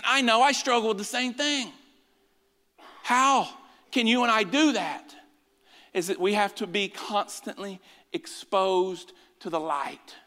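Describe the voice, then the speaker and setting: A middle-aged man preaching a sermon as pastor, swinging between loud urging and hushed asides. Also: high-pitched. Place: church sanctuary. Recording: long hall reverb.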